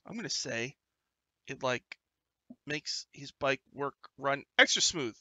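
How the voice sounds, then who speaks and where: A man's voice: mid-range voice, slow, pushed and bright, no echo. A man running a tabletop game as game master over an online voice call, talking casually with many fillers.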